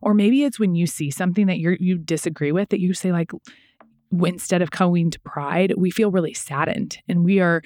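A woman's voice: on the low side, normal speed, darkish tone, no room sound. A woman co-hosting a faith podcast, speaking in an earnest, reflective and encouraging way. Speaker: podcast co-host. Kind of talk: casual faith podcast chat.

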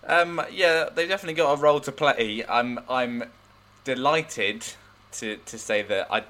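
A man co-hosting a podcast, answering in a hesitant, halting way with restarts. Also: medium pitch, sharp tone. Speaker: podcast co-host. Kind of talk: casual podcast chat.

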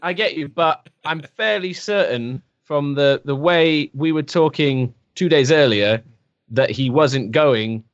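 A man from England chats hesitantly on a podcast, often repeating his words. His voice is smooth and fairly high for a man. The sound is dry and close but dull, like lo-fi audio. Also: slow pace, dry recording. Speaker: podcast co-host. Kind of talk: casual podcast chat.

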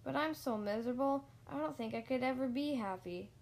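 A woman voicing a gloomy little storybook man with a sad, squeaky, sniffly voice. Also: a little fast, a little mellow. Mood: miserable.

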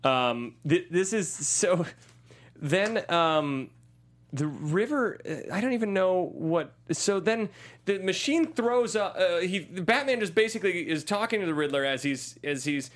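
Male podcast host, casual movie talk, animated and jokey, acts out quotes, a bit high. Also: a little slow. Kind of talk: casual chat about a movie.

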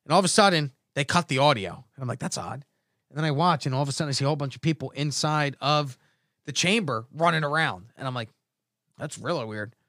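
A middle-aged man hosting a podcast, telling animated stories full of swearing and acting out what others said. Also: fairly high pitch, quick pace, no echo, studio quality. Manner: animated storytelling, swearing, acts out quotes. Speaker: podcast host. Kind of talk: casual podcast banter.

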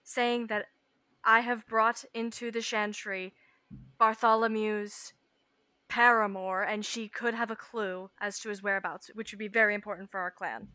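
A woman's voice: mid-range voice, fairly even intonation, moderate pace, bright, forceful tone, clear, resonant tone, no echo. A woman playing a tabletop game, thinking aloud hesitantly as she describes what her character does. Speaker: player. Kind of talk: casual tabletop play.

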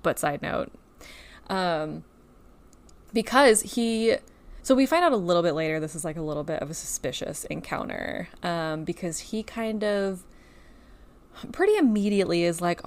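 A woman's voice: fairly low pitch, animated, normal speed. A woman co-hosting a casual book podcast, recapping a story in a chatty way with lots of filler words. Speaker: podcast co-host.

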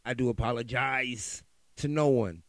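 A man's voice: mid-range voice, unhurried, no echo. A middle-aged man, hosting his own podcast and ranting with heated, profane exasperation. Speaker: podcast host. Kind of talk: solo podcast rant.

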